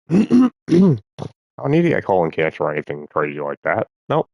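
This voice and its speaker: Profane, rambling man with a very low voice. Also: huge pitch swings, moderate pace, creaky, darkish tone, no room sound. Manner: rambling, profane, talks to himself. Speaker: vlogger. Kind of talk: rambling monologue to camera.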